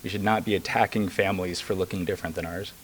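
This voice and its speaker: Casting: young man, lowish voice, earnest legislator at a press conference, emphatic. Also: fairly even intonation, quick pace, a little hiss or hum. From rural Missouri. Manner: earnest and emphatic, with occasional fillers. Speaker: state legislator.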